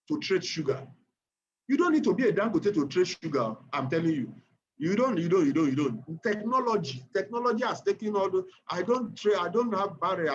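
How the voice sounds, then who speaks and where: A man with a Nigerian accent leads an online trading lesson. His voice sits high and swings widely in pitch as he repeats points and checks on his listeners. The recording is muffled and lo-fi, with faint noise underneath. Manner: animated, repeats phrases, keeps checking the audience. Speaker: trading instructor. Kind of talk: online class lecture.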